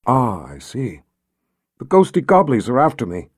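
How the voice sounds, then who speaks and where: A man reading aloud, voicing a gentle, soothing motherly woman who speaks softly. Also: mid-range voice, wildly swooping pitch, normal speed, slightly rough, no room sound, clean studio sound.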